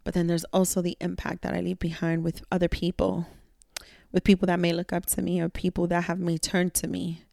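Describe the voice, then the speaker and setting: This is a woman talking through a solo podcast episode in a relaxed, heartfelt way, mixing slang and the odd curse. Her voice sits a little low with a gravelly texture. The sound is close and dry. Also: brisk, dry recording. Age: adult, a mother. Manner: candid, reflective, slangy with profanity. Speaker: podcast host; mentor to young women. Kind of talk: casual solo podcast monologue.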